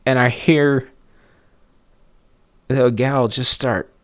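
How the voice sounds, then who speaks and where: A man's voice: medium pitch, steady tone, drawn-out words, no echo, clean studio sound. A man casually telling a story in a rambling, snarky way, with chuckling asides.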